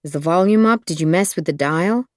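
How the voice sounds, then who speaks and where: A narrator voicing an impatient, bossy woman prosecutor in an audiobook thriller, sharp and demanding. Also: mid-range voice, fairly quick, no room sound, clean studio sound, pitched above the performer's own voice, lightly acted.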